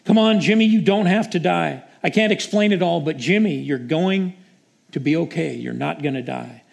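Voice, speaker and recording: A woman's voice: deep voice, normal speed, gravelly, darkish tone. A male preacher voicing a desperate Israelite mother who pleads with God for her son. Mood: urgent joy.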